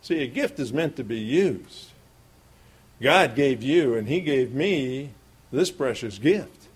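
A man's voice: mid-range voice, expressive, takes it slowly, slightly rough. A middle-aged man preaching a sermon, telling a homespun childhood story in a folksy way and chuckling often.

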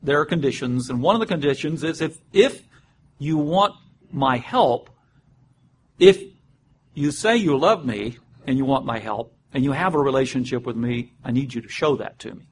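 A man's voice: mid-range voice, animated, slight background noise. Man teaching a Bible study, easygoing. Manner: unhurried, explains step by step, spells out words, with frequent "uh" and restarts.

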